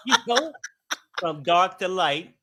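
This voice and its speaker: Animated joking man with a high voice. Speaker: show co-host. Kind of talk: casual celebrity gossip chat.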